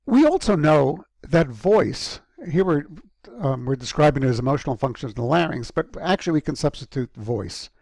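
A man giving a recorded university lecture, halting with frequent ums and restarts and clearing an irritated throat often. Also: fairly high pitch, expressive, darkish tone, dry recording. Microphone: close microphone.

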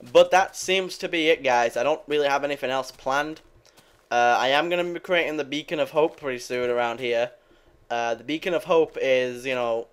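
With a clear, resonant mid-range voice, this young gaming video maker offers casual, meandering commentary mid-game. He curses without restraint and speaks to his viewers throughout.

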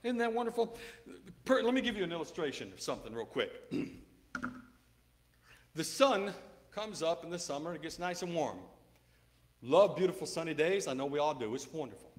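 Male preacher in a debate, high-pitched voice, emphatic and insistent, quotes scripture aloud and hammers points by repetition. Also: animated, brisk, long pauses. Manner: emphatic, insistent, repeats key words; reads Bible verses aloud in King James wording. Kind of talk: debate rebuttal with scripture reading.

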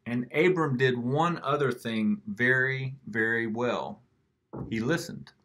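A man reads a children's picture book aloud at an unhurried pace, gentle and expressive. His middle-range voice stays warm toward the children listening. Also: mid-range voice, slight background noise. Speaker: children's story reader.

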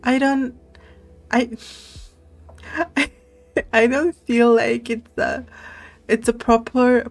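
A woman streamer giving soft-spoken, playful commentary over a puzzle game, reading game text aloud and giggling along. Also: fairly high pitch. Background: faint game music.

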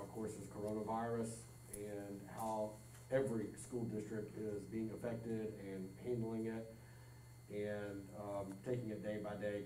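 A man, the board attorney, giving a halting, measured legal update at a meeting. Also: fairly low pitch. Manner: halting, measured, many fillers. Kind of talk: formal meeting report. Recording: distant echoey room with hum.

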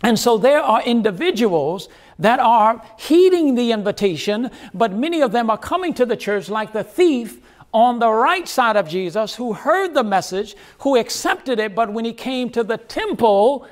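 A pastor preaching a sermon, earnest, with dramatic pauses and repeated phrases. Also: male voice, very high voice, very animated.

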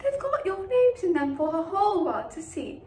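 A woman's voice: very high voice, sing-song, moderate pace, darkish tone. A teenage actress putting on a fussy old grandmother who primly scolds two girls. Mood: scolding. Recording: echoey hall from far off.

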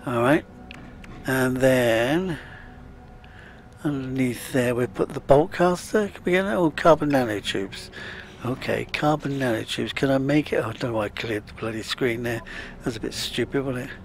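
A man's voice: medium pitch, normal speed, slight background noise. A man giving casual, chatty let's-play commentary, muttering to himself as he plays. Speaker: gaming channel host.

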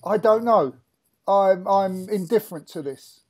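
A man hosting a casual chat, relaxed and giving short backchannels. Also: high voice, unhurried. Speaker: host.

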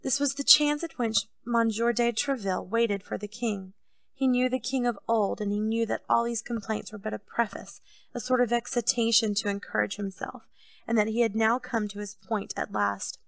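Woman narrating an audiobook, gravelly edge. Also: on the high side, fairly even intonation, moderate pace, no room sound.

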